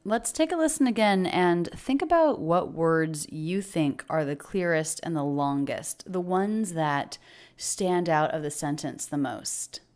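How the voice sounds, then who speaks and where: A woman teaching English pronunciation, breaking down phrases and repeating words slowly to model their sounds. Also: deep voice, darkish tone. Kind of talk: pronunciation lesson.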